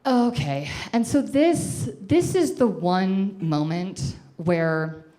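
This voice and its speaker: A woman in her twenties telling a self-deprecating comic story to a live audience, animated and chatty. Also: mid-range voice, takes it slowly, a little hiss or hum.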